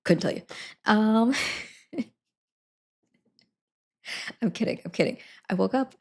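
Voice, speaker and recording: Giggly woman with a gravelly voice. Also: mid-range voice, takes it slowly. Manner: giggly and rambling, laughs often. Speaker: live streamer. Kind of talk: casual chat to viewers. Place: at her desk at home.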